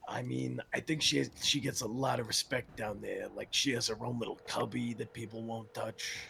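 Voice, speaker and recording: A man's voice: mid-range voice, steady tone, moderate pace, creaky, sharp tone, a little hiss or hum. A man chatting in character in a role-play game, rambling with lots of filler words. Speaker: roleplay game player. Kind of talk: casual in-character chat.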